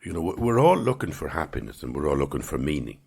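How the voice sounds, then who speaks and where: Male podcast host, reflective spiritual talk, very low husky voice, gravelly edge. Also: sing-song. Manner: gentle, musing, unhurried.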